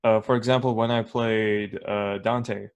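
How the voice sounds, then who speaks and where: A young man co-hosting a podcast in casual chat, joking and laughing through animated asides. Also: lowish voice, a little slow, gravelly, clean tone. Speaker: podcast co-host.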